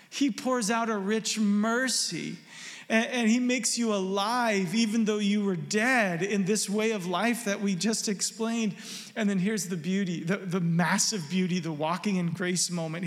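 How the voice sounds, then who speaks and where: An earnest male pastor preaching with a high, gravelly voice. He repeats himself and drops into soft asides, and his words ring out through a long church reverb. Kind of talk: sermon.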